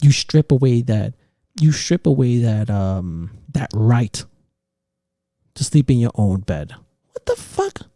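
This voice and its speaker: Gravelly dark-voiced guy ranting on a podcast, swears a lot, voice jumps all over. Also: mid-range voice, slow pace, dry recording, clean studio sound. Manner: profane, heated ranting with mocking quoted voices. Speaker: podcast host. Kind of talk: casual opinion rant.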